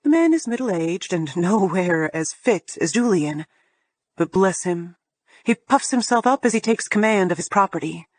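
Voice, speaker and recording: A woman's voice: medium pitch, expressive, normal speed, dry recording. A woman narrating a first-person romance audiobook in a sardonic, profane, emphatic way.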